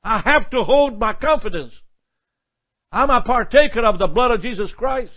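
A man's voice: very high-pitched, expressive, normal speed, muffled recording. A male pastor preaching a sermon with impassioned repetitions and prayerful asides.

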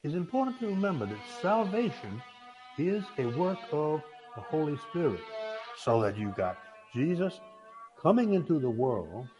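A man preaching a sermon in a folksy, halting way, often restarting his words. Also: a little high, sing-song, warm tone, big-room sound, lo-fi sound, faint music behind.

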